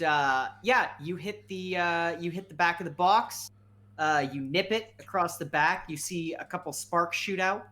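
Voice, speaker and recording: A man's voice: on the high side, pushed and bright. A man narrating as game master of a horror tabletop game, loose and laughing, with many fillers.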